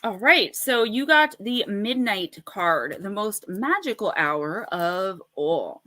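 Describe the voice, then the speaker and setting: A woman's voice: mid-range voice, animated, takes it slowly, sharp tone. A woman hosting a casual livestream of oracle card readings, chatty and rambling, laughing often and greeting viewers by name.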